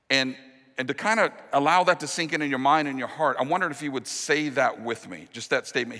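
A man preaching a sermon as pastor, earnest, dropping to a hushed, slow voice on the key promises. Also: mid-range voice, lively intonation. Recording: long reverb of a large hall.

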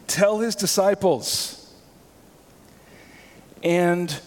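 A male pastor preaching a sermon, swinging between hushed, slow passages and emphatic, raised lines. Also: sits high. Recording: long hall reverb.

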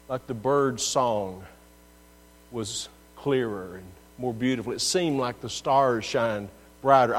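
Earnest preacher in a reverberant church. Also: male voice, on the high side. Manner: earnest, pleading, rising and falling in intensity. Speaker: pastor. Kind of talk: sermon. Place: church sanctuary. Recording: long reverb with mains hum.

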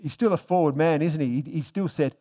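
Conversational male preacher. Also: a little high. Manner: conversational, reads scripture slowly and softly. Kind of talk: sermon.

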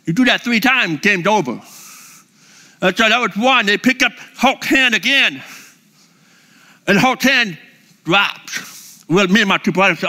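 Middle-aged male speaker, high and sharp-toned, animated storyteller to a live audience. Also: unhurried, long pauses. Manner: lively, enthusiastic, holds up props.

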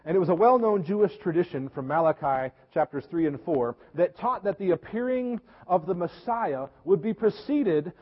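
A man preaching a sermon as pastor, earnest, repeating words and slowing down for emphasis. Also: on the high side. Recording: echoey hall, dull lo-fi sound.

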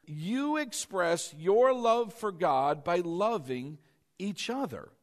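A man's voice: high-pitched, very animated, in a large hall. A male pastor preaching a sermon, repeating key phrases and calling on the congregation to answer back. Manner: shifts between slow emphatic lines and quick asides.

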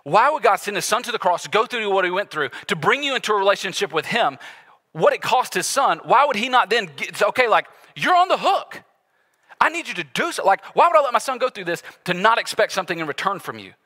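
A man delivering a sermon with a bright, forceful voice and a slightly higher pitch. He talks to the congregation conversationally, then bursts out loudly. The voice rings with a long hall reverb. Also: fast. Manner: animated, conversational preaching with sudden loud bursts. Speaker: pastor.

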